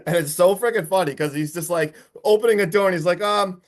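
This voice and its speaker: Young man, podcast co-host, casual film recap, disbelieving, filler-heavy, slightly high voice. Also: fast, hardly any pauses. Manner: animated, disbelieving storytelling with many "like"s.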